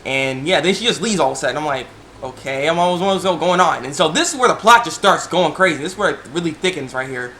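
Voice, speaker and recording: Excitable young man rambling about an anime. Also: a little high, quick pace, few pauses, a little hiss or hum. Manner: excitable, laughing, lots of fillers and restarts. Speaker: anime reviewer. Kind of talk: casual video review.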